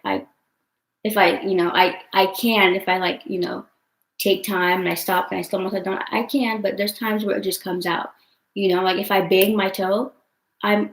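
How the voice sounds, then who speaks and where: A young woman talks through a casual livestream, rambling with lots of fillers and frequent swearing. She sounds upset and close to tears, her pitch staying fairly level. The room around her rings with a noticeable echo. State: upset and tearful. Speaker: vlogger answering live chat. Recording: roomy echo.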